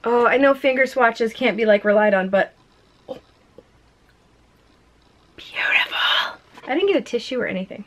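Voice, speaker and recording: A woman's voice: a little high, fast, rough recording. A woman vlogging a casual makeup unboxing at home, gushing and exclaiming with frequent giggles. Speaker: beauty vlogger.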